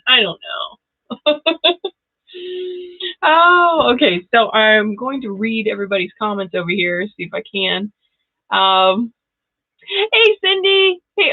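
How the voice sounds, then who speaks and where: A woman's voice: medium pitch, sing-song, unhurried, soft background music. A grandmother hosting a casual livestream, chatty and laughing often as she reads out viewer comments. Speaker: livestream host. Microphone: new plug-in microphone. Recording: tinny phone-like sound.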